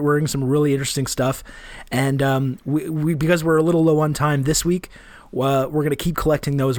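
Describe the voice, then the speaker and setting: A man with a Canadian accent co-hosting a podcast, talking in a relaxed, rambling way with fillers and restarts. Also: mid-range voice, no echo. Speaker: podcast co-host. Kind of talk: casual podcast chat.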